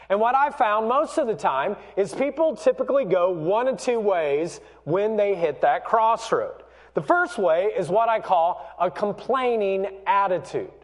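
High-voiced pastor in a reverberant hall. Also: male voice. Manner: conversational storytelling, polling the congregation. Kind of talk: sermon. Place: church sanctuary.

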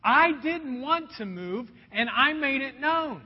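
An Indiana pastor preaches a sermon, earnestly recounting a personal story and calling his listeners folks. His voice is extremely high with lively intonation, and he takes it slowly, the recording dull with long hall reverb.

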